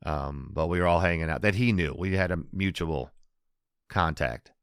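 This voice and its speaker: Low-voiced rambling podcast host. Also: male voice, moderate pace, clean tone, no echo, studio quality. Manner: rambling, self-interrupting, laughs at own jokes. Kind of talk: casual comedy podcast monologue.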